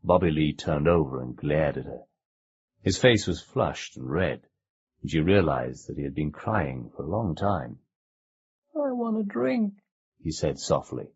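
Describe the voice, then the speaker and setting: A man narrating an audiobook with measured, expressive storytelling. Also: very deep voice, husky. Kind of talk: scripted narration. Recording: dull lo-fi cassette recording.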